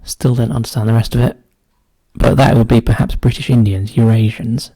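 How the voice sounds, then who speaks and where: A man with a dark, gravelly voice talks himself through a crossword. He often trails into a quiet mutter. The sound is dry and close, with no room echo. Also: mid-range voice, fairly even intonation, a little fast. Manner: muses aloud, often drops to a quiet mutter. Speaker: crossword solver. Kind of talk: casual solo puzzle-solving commentary.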